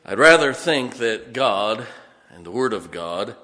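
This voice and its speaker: Folksy preacher with a bright voice. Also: male voice, medium pitch, lively intonation, measured pace. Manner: folksy storytelling, self-correcting. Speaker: pastor. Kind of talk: sermon. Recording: long hall reverb.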